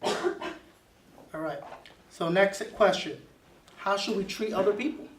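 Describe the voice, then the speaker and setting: A man's voice: high-pitched, expressive, slow, roomy sound, distant mic, noisy background. A man teaching a Bible class, emphatic and repeating key words for stress.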